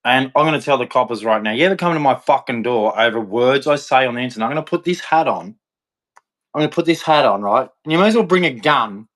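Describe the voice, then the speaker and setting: A middle-aged Australian vlogger rants angrily at the camera, swearing, aggressive, and repeating himself. His medium-pitched, slightly bright voice is expressive and quick.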